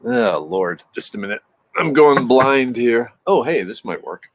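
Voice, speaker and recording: A man's voice: mid-range voice, big pitch swings, a little slow, creaky, very noisy. A man in his fifties hosting a casual live stream, rambling and answering viewers' messages as they come in. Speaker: livestream host chatting with viewers.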